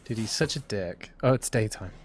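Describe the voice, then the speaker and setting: A man giving casual commentary on a horror game, excitable and swearing freely. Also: fairly low pitch, normal speed, slight background noise. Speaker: gaming youtuber.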